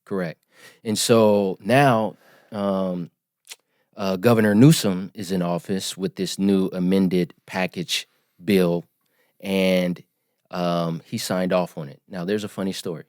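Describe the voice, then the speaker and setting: A man in his forties, a podcast guest, telling his story in an earnest, emphatic, measured way. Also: low-pitched, steady tone, darkish tone, no echo, studio quality. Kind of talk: storytelling interview.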